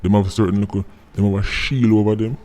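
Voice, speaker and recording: A man's voice: fairly low pitch, fairly even intonation, brisk, a little mellow. A man with a Jamaican accent giving blunt, outspoken commentary on his vlog, slipping into patois. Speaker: vlogger.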